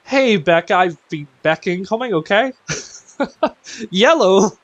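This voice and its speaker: A man from Northern Ireland with a mixed Northern Irish accent, hosting a game live stream in casual chat, greeting viewers by name, tired and quieter than usual. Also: sits high, expressive, takes it slowly, lo-fi sound. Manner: chatty, greets viewers by name, self-deprecating. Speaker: live-stream raid host.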